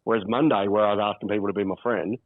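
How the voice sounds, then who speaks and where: A man's voice: fairly low pitch, fairly even intonation, racing. An Australian man calling in to a podcast from a holiday abroad, chatting laid-back and swearing often. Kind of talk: casual podcast chat. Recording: dull lo-fi call line.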